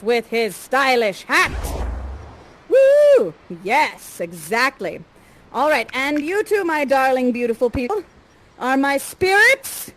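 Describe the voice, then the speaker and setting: A woman's voice: sits high, rough recording. A woman acting as guide and father figure in improvised interactive theatre, chatty, playful and encouraging. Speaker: actor guiding players as Prospero.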